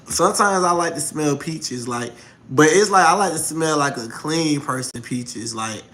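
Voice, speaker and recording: A young man streaming live, telling a story in an animated way and calling out to his audience, with laughs and exclamations. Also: fairly high pitch. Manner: excitable, keeps calling out to the audience.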